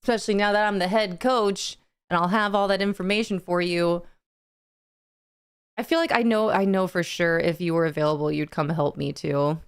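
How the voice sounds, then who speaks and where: Chatty woman streamer with a smooth voice. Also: fairly low pitch, steady tone, normal speed. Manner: chatty, laughs often, greets viewers by name. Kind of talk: casual chat with live chat viewers.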